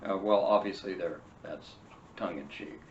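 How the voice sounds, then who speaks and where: A man's voice: deep voice, moderate pace. A man hosting a political podcast, reading an article aloud and cutting in with sarcastic, mocking asides. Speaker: podcast host. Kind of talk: read-and-react political commentary. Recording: roomy, distant, dull lo-fi sound with faint hiss.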